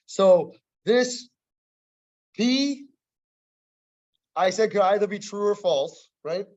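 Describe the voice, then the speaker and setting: Guy teaching a logic class, talks casual and keeps asking does that make sense, slightly high voice, muffled lo-fi recording. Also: animated, extremely slow, pauses often, a little mellow. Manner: conversational, keeps checking understanding, wry asides. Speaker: math teacher. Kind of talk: classroom lecture.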